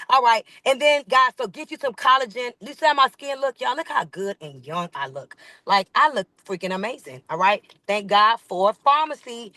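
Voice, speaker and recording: A woman leading a network marketing training call, giving an energetic, preachy sales pitch that repeats phrases for emphasis. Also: normal speed, hardly any pauses, no room sound. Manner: hyped, preachy, calls the audience "baby" and "y'all".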